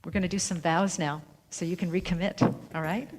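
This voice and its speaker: A woman's voice: lowish voice, fairly even intonation, brisk, hardly any pauses. A woman minister addressing her congregation in an earnest ceremonial tone, reading from a script with small restarts. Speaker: minister leading a church service. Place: church sanctuary. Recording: long hall reverb in a church.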